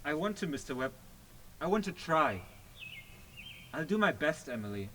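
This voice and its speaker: A man's voice: on the high side, big pitch swings, normal speed, pushed and bright, a little hiss or hum. A man acting a nervous young groom in an amateur stage play, speaking in an earnest, stammering way.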